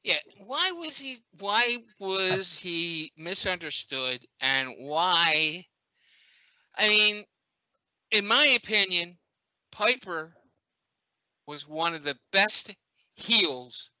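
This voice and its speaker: A male co-host on a radio podcast asks his questions slowly and haltingly. His voice is very bright and sharp. The sound is dry. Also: high voice, animated, dry recording, low-quality recording.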